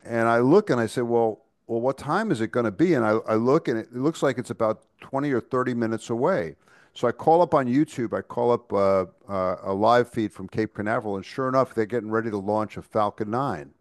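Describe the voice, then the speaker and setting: Talking fairly quickly in a medium-pitched voice, this man co-hosts a podcast in a casual, chatty way, frequently stammering and starting over. The studio recording is clean, without any echo.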